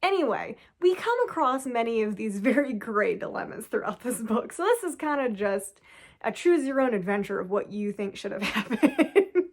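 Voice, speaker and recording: A woman's voice: on the high side, big pitch swings, moderate pace. A woman chatting casually as she reviews a book, sarcastic and incredulous, often breaking into laughter. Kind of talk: casual chat.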